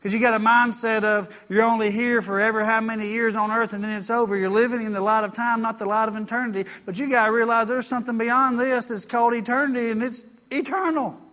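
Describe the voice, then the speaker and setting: High-voiced man preaching. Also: fairly even intonation, fast, few pauses, pushed and bright. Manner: folksy preaching, asks congregation for amens. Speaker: pastor. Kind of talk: sermon.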